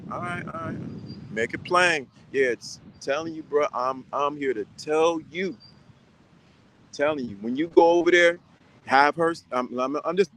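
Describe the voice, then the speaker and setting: A man's voice: a little high, fairly bright tone, low-quality recording. A man giving casual advice to viewers, talking sternly and repeating his points with lots of restarts. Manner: rambling with many restarts.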